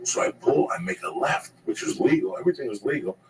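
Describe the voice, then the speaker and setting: A man's voice: a little high, sing-song, quick pace, creaky, distant mic, rough recording. A man telling a rambling, profane story in casual chat, laughing at his own tale.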